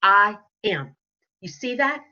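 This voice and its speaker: Casting note: woman motivational speaker, bright and forceful, lo-fi webinar audio. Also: mid-range voice, lively intonation, slow. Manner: emphatic, repetitive motivational delivery.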